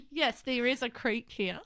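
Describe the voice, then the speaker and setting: A woman's voice: on the high side, slow, a bit bright, no echo, studio quality. A woman improvising as a self-important crocodile-egg collector, earnest and rambling as she over-explains herself. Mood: self-assured. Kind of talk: improvised comedy.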